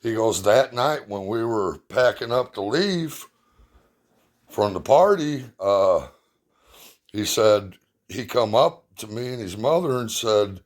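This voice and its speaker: A man's voice: on the low side, lively intonation, unhurried. A middle-aged man telling a personal story in a blunt, emotional way, swearing freely.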